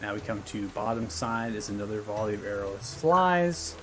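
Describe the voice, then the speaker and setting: A man narrating a tabletop game as game master, calling out attacks, hits and damage in a lively play-by-play. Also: normal speed. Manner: excitable, booming play-by-play of combat.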